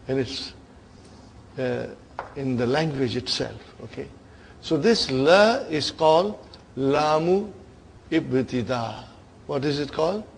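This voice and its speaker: A man's voice: medium pitch, creaky, slight background noise. A man teaching Arabic grammar to a class, quizzing students and often checking in with "huh?" and "are you with me?". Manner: playful storytelling teacher. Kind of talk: classroom lesson.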